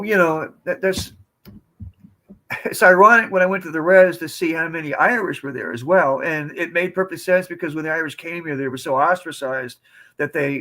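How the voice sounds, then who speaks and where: A man's voice: mid-range voice, a bit bright. A man in his seventies from the United States, a podcast guest telling rambling, digressive stories in a casual way. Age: 70s. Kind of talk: casual storytelling.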